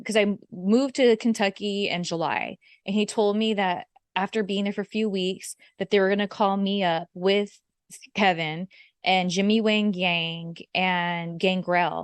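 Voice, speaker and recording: A woman guest in an interview, telling stories in a lively, animated way and acting out the quotes. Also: smooth, no room sound. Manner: animated, acts out quotes with big pitch jumps. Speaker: guest, former wrestler. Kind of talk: casual interview storytelling.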